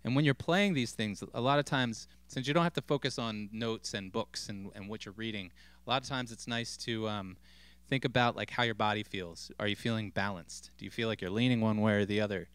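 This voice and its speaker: A man giving a casual drum lesson, relaxed and thinking aloud with frequent ums and restarts. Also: on the low side, a little fast, clean tone, dry recording. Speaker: drum teacher. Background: loud drum kit playing.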